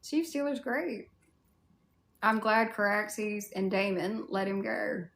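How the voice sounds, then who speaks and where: A woman's voice: medium pitch, takes it slowly, creaky, fairly bright tone. A woman with a Southern US accent chatting casually on a livestream, answering viewer comments in a candid way with mild swearing. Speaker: cosplay livestreamer.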